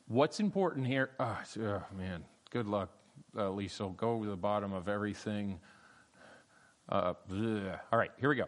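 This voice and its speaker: A man's voice: lowish voice, normal speed. A middle-aged man leading an interactive Bible study class, calling on students by name with a playful, chatty manner and plenty of fillers.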